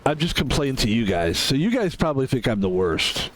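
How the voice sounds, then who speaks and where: Animated, rambling male streamer. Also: mid-range voice, fairly quick, hardly any pauses. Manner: rambling, self-mocking, swears freely. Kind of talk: casual chat while gaming on stream.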